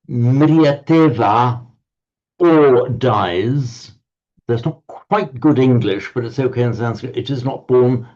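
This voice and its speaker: Man, teacher, slow and halting, mellow voice, dull lo-fi call audio. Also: medium pitch. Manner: halting, repeats words while explaining. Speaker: Sanskrit teacher. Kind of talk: online class teaching.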